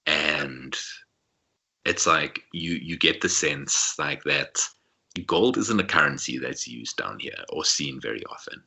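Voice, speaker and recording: Very deep husky male game master. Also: expressive, slow, pushed and bright. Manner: rambling, filler-heavy narration. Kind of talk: narrating a tabletop game.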